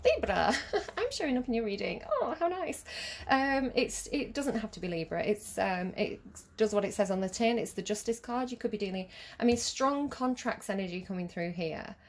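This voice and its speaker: A woman's voice: medium pitch, lively intonation, moderate pace. A woman giving a casual tarot reading, chatty and giggly, rambling with lots of fillers. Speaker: tarot reader.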